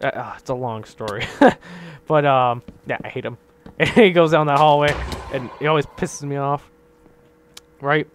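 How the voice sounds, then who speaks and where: A man telling a rambling, animated story over his gameplay, tagging many lines with "right?" and laughing often. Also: mid-range voice, measured pace, pauses often, a little hiss or hum. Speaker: gaming channel host.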